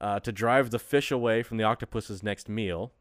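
A man's voice: on the low side, moderate pace, no room sound, clean studio sound. A man co-hosting a podcast in a casual, jokey chat, laughing often and rambling through his stories. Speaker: podcast co-host.

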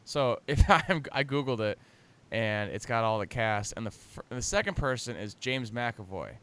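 A man's voice: medium pitch, lively intonation, normal speed, a bit bright, clean tone. A man in casual chat, joking and rambling as he retells a movie plot with laughs.

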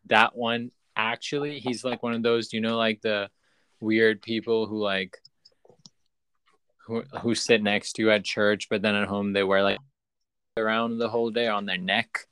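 A man hosting a podcast, chatting in an animated, joking way with many restarts. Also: fairly low pitch, measured pace, clear, resonant tone, no room sound. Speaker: podcast host. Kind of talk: casual chat.

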